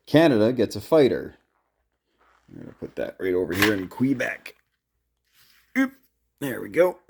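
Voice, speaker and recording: A man's voice: fairly low pitch, vocal fry, darkish tone. A man casually narrating his turn in a board game, counting out his moves aloud as he plays.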